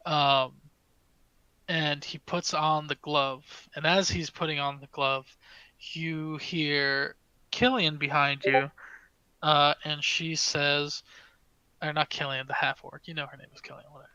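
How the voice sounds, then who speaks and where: A man narrates a tabletop game as game master, with a bright, slightly high voice. He hesitates often, trips over fillers and breaks into small laughs, recorded close and dry. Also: level tone, unhurried, clean tone, no room sound, muffled recording.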